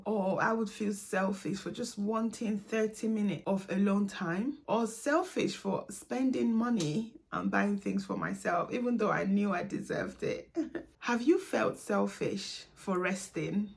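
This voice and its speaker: A woman's voice: medium pitch, unhurried, gravelly. A young woman, a single mother, talking candidly to camera in a vlog, confiding and laughing now and then.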